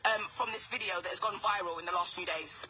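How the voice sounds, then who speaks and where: A woman hosting a morning radio show, interviewing a guest with excitable enthusiasm. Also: on the low side, breathy edge, soft background music. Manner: excitable, enthusiastic, quick to laugh. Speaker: radio presenter.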